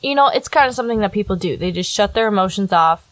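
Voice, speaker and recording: A woman's voice: medium pitch, expressive, fast, no echo, low-quality recording. A young woman co-hosting a casual chat, reacting emphatically and swearing freely. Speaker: co-host.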